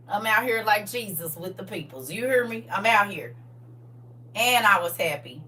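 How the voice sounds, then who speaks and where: A woman of about forty telling stories from her past in a casual, animated way, full of slang and laughter. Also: mid-range voice, unhurried, pauses often, distant mic. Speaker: livestream co-host. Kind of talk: casual storytelling chat.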